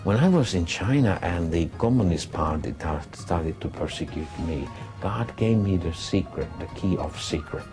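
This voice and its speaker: A man interpreting a religious testimony into English, speaking earnestly in halting phrases that he often corrects as he goes. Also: deep voice, lively intonation, a little mellow, faint music behind.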